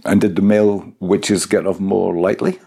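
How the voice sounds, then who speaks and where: A man's voice: low-pitched, little pitch movement, moderate pace, creaky, mellow. A man interviewing a guest, asking questions in a conversational way.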